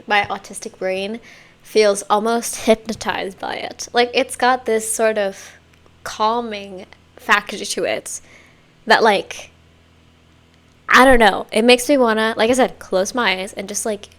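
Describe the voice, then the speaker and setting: A woman's voice: a little high, fairly bright tone. Chatty woman reacting to music. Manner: chatty, rambling, hums and murmurs along. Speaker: reaction channel host. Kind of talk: casual music reaction commentary.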